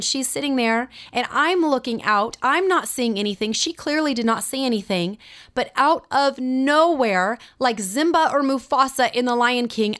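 Woman, middle-aged, Bible teacher, animated storytelling, confiding, slightly high voice. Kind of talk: sermon storytelling.

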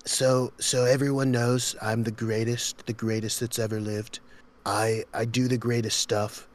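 A man's voice: mid-range voice, level tone, measured pace, natural voice. A man doing a boastful, over-articulated politician. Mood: bragging. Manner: over-articulated, bragging, repetitive. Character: boastful older male politician impression. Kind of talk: comic impression.

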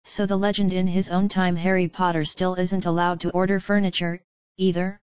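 A woman's voice: on the low side, flat delivery, moderate pace, darkish tone, clean tone, no echo, lo-fi sound, close to an everyday voice. A woman voicing a smug, sarcastic young noble wizard who mocks and lectures. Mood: mocking. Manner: mocking, sarcastic.

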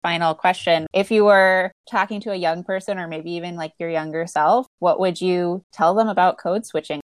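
A woman hosting a podcast, asking her guests measured interview questions. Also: fairly low pitch, fairly even intonation, no room sound. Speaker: podcast host.

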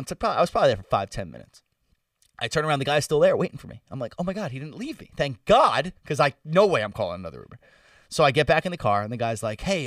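A man's voice: a bit bright, dry recording, studio quality, recorded from a distance. Rambling, profane young man telling a story. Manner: rambling, profane, slangy, drops into low mumbles. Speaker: podcast co-host telling a story. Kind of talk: casual storytelling chat.

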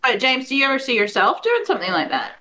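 Bright, giggly East Texas woman. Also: sits high, very animated, slight background noise. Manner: giggly, quick reactions. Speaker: co-host. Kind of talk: casual podcast chat.

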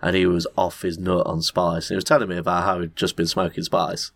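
A man co-hosting a podcast, telling a story in casual chat and acting out people in shrieking high voices. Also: brisk, vocal fry, no room sound. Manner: animated, swears a lot, acts out other people with shrieking high voices. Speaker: podcast co-host.

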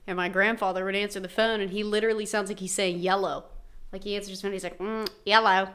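A woman's voice: medium pitch, level tone, quick pace, a bit bright. A young adult woman with a West Virginian accent, co-hosting a casual podcast, chatty and giggly as she tells loose stories. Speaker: podcast co-host.

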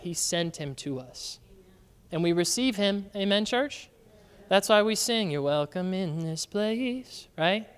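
A pastor with a smooth, medium-pitched voice preaches casually and conversationally in a church sanctuary, often throwing questions out to the congregation. The recording carries the long reverb of a large church hall.

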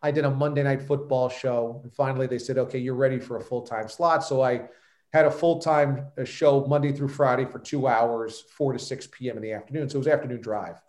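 A New York man appears as a podcast guest, a sports radio host telling his story in a confident, emphatic, self-assured way. His medium-pitched voice has fairly even intonation, a brisk pace and a darkish tone, and the room sounds echoey.

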